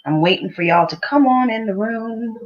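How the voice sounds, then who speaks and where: A woman's voice: a little high, normal speed, lo-fi sound. A woman hosting a casual livestream, chatty, repeating her greetings and calling on viewers directly. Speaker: livestream host.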